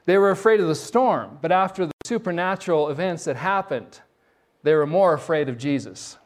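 A middle-aged man preaching a sermon, his voice sitting a little high for a man. He tells stories with energy and often stumbles into restarts and repeated words as he goes. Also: normal speed. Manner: animated storytelling with frequent restarts and repeated words. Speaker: pastor.

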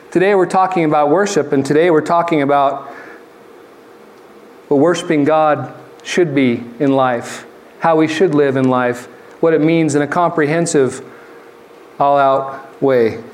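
A male pastor with a slightly high voice preaching in a relaxed, conversational way. He tells jokey everyday stories and reads scripture slowly. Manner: deliberate scripture reading. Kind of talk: sermon.

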